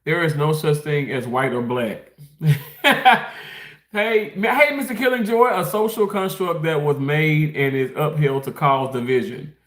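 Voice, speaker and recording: A man from Mississippi with a slightly high, expressive, a-bit-bright voice speaks at a measured pace, and the recording sounds roomy. Hosting a livestream, he eats while chatting casually, rambling, laughing often and reading out the chat.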